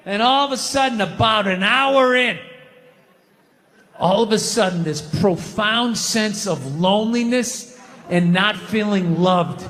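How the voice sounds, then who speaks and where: Ranting high-voiced comedian in his fifties. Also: animated, fairly bright tone, a little hiss or hum. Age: 50s. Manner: profane, ranting, rapid-fire delivery. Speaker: stand-up comedian. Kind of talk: stand-up comedy set. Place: large venue on stage. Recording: reverberant hall with live audience.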